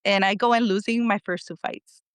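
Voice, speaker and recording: A woman's voice: mid-range voice, fairly even intonation, a little fast, clear, resonant tone, no room sound. A woman in her thirties, a podcast guest telling stories about her athletic career in a casual chatty way, laughing often and acting out what others said. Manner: chatty, laughs often, acts out quotes of family and coach. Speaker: podcast guest, former national team athlete. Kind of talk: casual storytelling interview.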